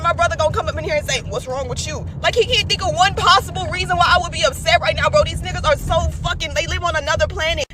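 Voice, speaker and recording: A woman's voice: sits high, pushed and bright. A woman in an emotional social media video, ranting in an upset, profane way.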